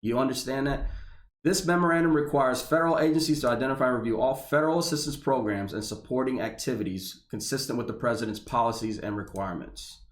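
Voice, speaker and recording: A man's voice: mid-range voice, quick pace. Heated, profane ranting man. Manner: heated, profane, stumbling restarts. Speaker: veteran reacting to a government memo. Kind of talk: angry ranting commentary. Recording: echoey room.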